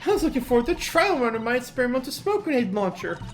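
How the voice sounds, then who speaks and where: A woman's voice: on the high side, sing-song, rapid-fire, soft background music, pitched above the performer's own voice. A woman voicing a cheerful young British girl inventor with a prim, scolding manner. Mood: bubbly prim.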